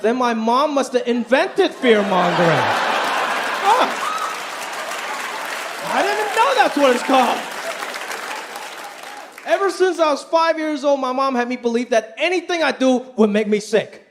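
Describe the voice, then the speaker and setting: A man's voice: extremely high pitch, lively intonation, measured pace, pauses often. A man performing a stand-up comedy set on a live stage, talking with animation and putting on quoted voices. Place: live stage before a laughing audience. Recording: live show with crowd and faint noise.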